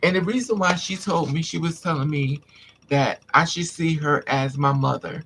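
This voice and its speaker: Gravelly man venting intensely. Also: a little high, moderate pace, a bit bright, a little hiss or hum. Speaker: vlogger. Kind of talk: emotional personal storytelling to viewers.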